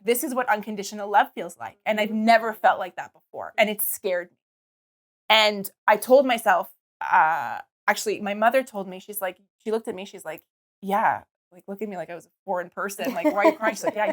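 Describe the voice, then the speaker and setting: A woman's voice: medium pitch, brisk. Chatty young woman podcast host. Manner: rambling, restarts often, quotes herself. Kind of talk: casual personal storytelling.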